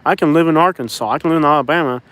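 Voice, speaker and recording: Man, from Miami, casual vlog chat, loose and joking, slightly high voice, talking from a car. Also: rapid-fire, a bit bright, no echo. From Miami, Florida. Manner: loose, joking, addresses viewers as y'all. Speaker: vlogger. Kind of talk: casual rambling chat to camera.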